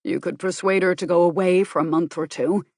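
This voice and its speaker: A grave, controlled man, read by a woman, talks in a measured, earnest way, quietly worried and gently persuasive. The voice sits low, recorded close and dry in an audiobook. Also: fairly even intonation, no echo.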